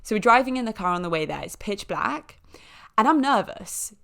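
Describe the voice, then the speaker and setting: A woman hosting a podcast, telling a story in a chatty, animated way with lots of fillers and small impressions of other people. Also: medium pitch, moderate pace, gravelly. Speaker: podcast host. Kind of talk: casual storytelling.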